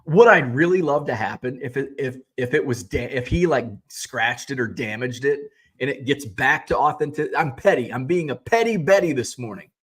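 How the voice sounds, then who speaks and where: A man's voice: mid-range voice, lively intonation, moderate pace, hardly any pauses, a bit bright, breathy edge. A middle-aged man hosting a casual livestream, reading viewer comments and ranting in a sarcastic, profane way. He rambles, restarting his sentences often. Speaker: host of a sports card selling livestream.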